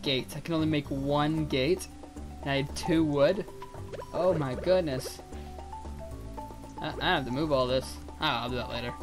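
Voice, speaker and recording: A man giving casual, rambling gameplay commentary as a let's player. He swears freely and thinks out loud. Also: on the high side, normal speed, pauses often, over music. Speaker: let's play gamer.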